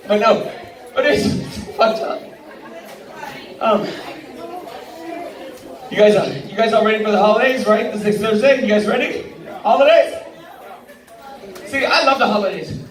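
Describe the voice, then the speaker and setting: A woman's voice: a little high, measured pace, pauses often, crowd noise. A woman doing a stand-up comedy set, brash and profane, often laughing through her punchlines. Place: large indoor hall at a live benefit show. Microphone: phone camera from the audience, far from the stage. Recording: echoey hall recorded from far off. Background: audience laughter and room noise.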